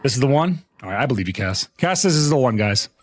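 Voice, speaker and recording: A man's voice: medium pitch, sing-song, quick pace, dry recording. A man streaming a game live, chatting casually with his viewers, rambling with many fillers and restarts. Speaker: gaming streamer.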